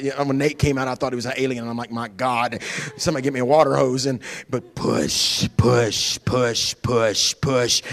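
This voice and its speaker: A middle-aged man preaching a sermon in a church, animated and humorous, jumping from shouts to hushed whispers and acting out voices. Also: mid-range voice, in a large hall. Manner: acts out quoted voices with humor. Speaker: pastor. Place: church sanctuary.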